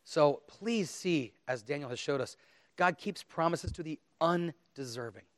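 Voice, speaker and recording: A man's voice: a little high, expressive, measured pace, no room sound. A man preaching a sermon, earnest and emphatic, reading scripture aloud with dramatic emphasis. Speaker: pastor.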